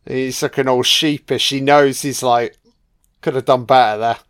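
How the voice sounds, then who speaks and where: A man's voice: mid-range voice, fairly even intonation, moderate pace, fairly bright tone, clean tone, no room sound, clean studio sound. A man giving a casual, laid-back film commentary, swearing freely and often adding "you know".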